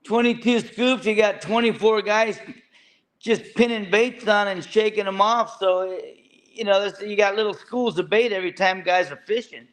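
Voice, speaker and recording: A man's voice: high-pitched, moderate pace, a bit bright. A man, a fishing boat captain, talking plainly in an interview and often repeating words as he goes. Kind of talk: casual interview.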